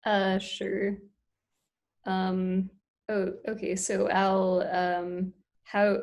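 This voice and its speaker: Slow, hesitant woman host. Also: medium pitch, flat delivery, darkish tone. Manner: hesitant, lots of fillers. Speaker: podcast host learning a skill. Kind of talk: casual chat.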